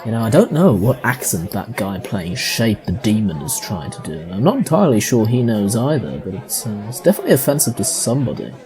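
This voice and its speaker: A man's voice: fairly low pitch, sing-song, a little fast, few pauses, darkish tone, soft background music. A man playing a grumpy theatregoer in a comic sketch, ranting sarcastically about the show. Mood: scornful. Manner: sarcastic, indignant rant. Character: grumpy male theatregoer, scornful critic.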